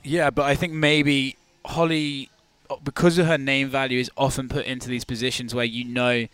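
A man's voice: medium pitch, flat delivery, moderate pace, fairly bright tone, smooth, dry recording. A man chats casually as a podcast guest. He talks frankly and swears easily. He often stops and restarts his sentences while he works out his point. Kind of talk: casual sports chat.

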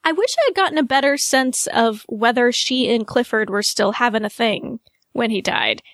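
Thoughtful higher-voiced woman, dry sound. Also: expressive, normal speed, a bit bright, dry recording. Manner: thoughtful, hedging with restarts. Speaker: podcast co-host. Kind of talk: casual chat.

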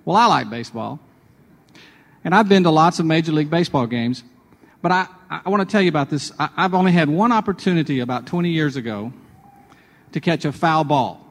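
A man's voice: a little high, animated, fairly quick, big-room sound. A man hosting a radio devotional, telling personal anecdotes in a chatty way before drawing a sermon point. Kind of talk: conversational devotional storytelling.

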